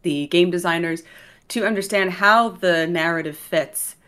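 Female game writer, lower pitch, brisk, dry humor. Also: a bit bright, clear, resonant tone. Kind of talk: casual interview talk.

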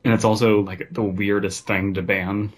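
Husky, low-voiced man chatting casually. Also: little pitch movement, moderate pace. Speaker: podcast co-host. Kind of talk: casual chat.

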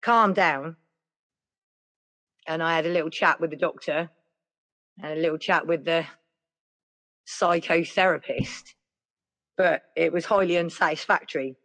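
A woman's voice: low voice, a little slow, long pauses, fairly bright tone. A woman telling a personal story in a rambling, chatty way, full of "like" and "yeah". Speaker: podcast guest. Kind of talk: casual storytelling.

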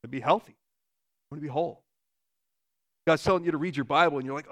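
A man in his thirties, a pastor giving a conversational sermon and telling stories with lively shifts in volume. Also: on the high side. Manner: conversational, animated storytelling with quick shifts in loudness.

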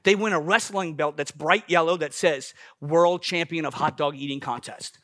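A man preaching a sermon, swinging between loud bursts and hushed asides. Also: fairly high pitch, normal speed, no echo, clean studio sound.

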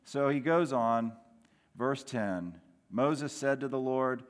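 A middle-aged man preaching a sermon with earnest delivery, moving between quiet and loud. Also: medium pitch, slow. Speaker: pastor. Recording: long hall reverb.

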